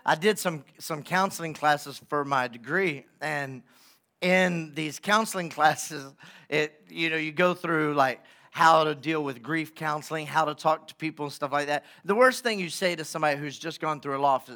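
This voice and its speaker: A man's voice: fairly high pitch, moderate pace, pushed and bright. A man pastor preaching a conversational, emphatic sermon and often checking in with the congregation.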